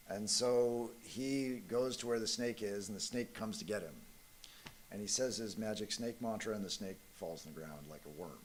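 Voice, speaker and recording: A man, a monk, giving a spiritual talk, telling a parable in a relaxed, conversational way with frequent fillers. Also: mid-range voice. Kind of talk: sermon with storytelling.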